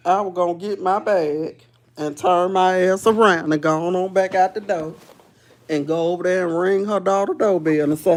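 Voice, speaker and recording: A woman hosting a live stream, telling a story casually and repetitively with folksy endearments, dropping low and quiet and then jumping high and loud as she retells it. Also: steady tone, moderate pace. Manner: repetitive, rambling, folksy endearments like baby and honey; swings from low and subdued to loud high bursts when retelling.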